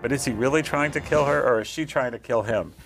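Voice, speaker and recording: A man's voice: medium pitch, fast talker, creaky, fairly bright tone, faint music behind. A man on a film critics' panel giving rambling, enthusiastic recommendations. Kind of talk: panel film review chat.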